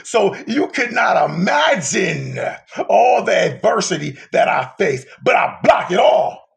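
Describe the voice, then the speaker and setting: Male preacher, gravelly and high-pitched, lurching from shouts to whispers. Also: sing-song, a little slow. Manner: swings from shouting to hushed whispers. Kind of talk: emotional street sermon.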